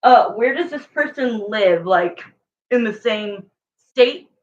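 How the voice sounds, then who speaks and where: A woman chats her way through a casual livestream tarot reading at an unhurried pace. She rambles, corrects herself and talks straight to the viewers. The sound is dull and lo-fi, like a home stream. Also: fairly high pitch, expressive. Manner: chatty, rambling, self-correcting, answering viewers. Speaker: tarot reader.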